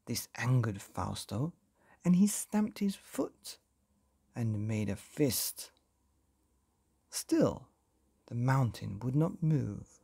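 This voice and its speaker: Man, bedtime story reader, gentle, dark mellow tone, lively pitch. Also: very slow, gravelly, pauses often, breathy edge, no room sound. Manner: gentle, addresses children directly.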